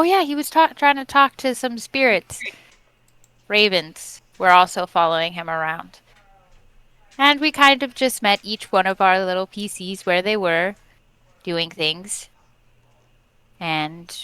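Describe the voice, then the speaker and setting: Bright, smooth-voiced woman player. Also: medium pitch, no room sound, poor audio. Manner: hesitant, unsure of names. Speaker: player giving a session recap. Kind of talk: casual recap.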